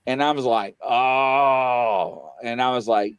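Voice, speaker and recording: Male guest, casual storyteller, average pitch, dry close mic, acts out the dialogue. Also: slow, clear, resonant tone, no room sound. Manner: animated, acts out quoted dialogue, voice jumps high when excited. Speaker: guest on a paranormal talk show.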